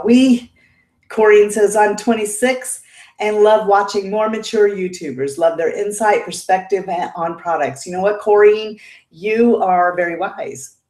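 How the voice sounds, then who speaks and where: Casual fifties woman livestream host, mid-range pitch, laughs easily, echoey room sound. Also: a little mellow. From Indiana, United States. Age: 50s. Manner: chatty and emotional, laughs often. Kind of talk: casual livestream chat, reading viewer comments.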